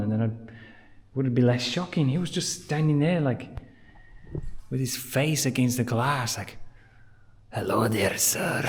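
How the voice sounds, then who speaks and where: A man telling a travel vlog story in a jokey, animated way, now and then dropping to a hush, outside a villa at night. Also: medium pitch, breathy edge. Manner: animated, jokey, drops to hushed tones. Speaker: travel vlogger. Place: villa pool area at night.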